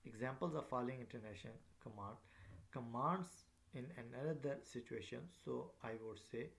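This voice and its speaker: A man teaching a recorded lecture, speaking haltingly with many fillers and repeating his phrases as he explains. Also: medium pitch, vocal fry, fairly bright tone.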